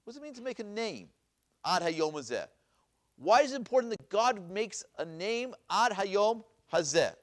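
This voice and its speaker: Man, rabbi, classroom lecture, higher-pitched, asks and repeats questions. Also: big pitch swings, moderate pace. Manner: asks questions and repeats them, reads Hebrew verses aloud. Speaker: rabbi teaching a Bible class. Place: synagogue classroom.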